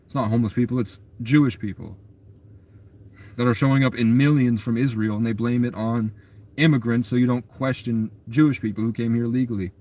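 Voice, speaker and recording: A man's voice: medium pitch, fairly even intonation, fairly quick, darkish tone. A young adult man telling a long story in a rambling, agitated way, in a casual monologue.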